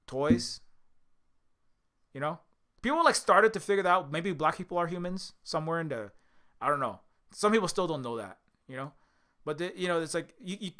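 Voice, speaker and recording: Male streamer, fired-up profane monologue, slightly high pitch, tense bright tone. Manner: impassioned, profane, many restarts. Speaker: indie game developer and streamer. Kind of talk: casual monologue.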